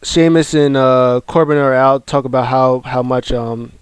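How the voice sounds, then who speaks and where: A man hosting a casual wrestling recap, excitable and rambling, with lots of fillers and restarts. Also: mid-range voice, unhurried, clean tone, dry recording. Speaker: wrestling show recap host. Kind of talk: casual video commentary.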